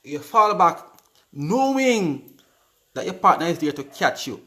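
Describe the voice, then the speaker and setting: A man's voice: a little high, big pitch swings, measured pace, bright, forceful tone. A Jamaican man hosting a live stream, chatting casually and reading out viewers' comments, often repeating his words. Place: indoors on live video.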